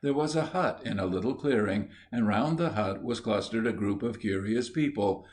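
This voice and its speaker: A man narrating a children's storybook in a measured, dry way. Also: fairly low pitch. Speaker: audiobook narrator.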